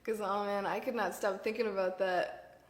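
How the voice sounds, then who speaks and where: A woman's voice: mid-range voice, fairly even intonation, moderate pace, echoey room. A young woman guest telling a candid story, rambling with fillers and frequent giggles. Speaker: podcast guest. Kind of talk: candid storytelling, casual chat.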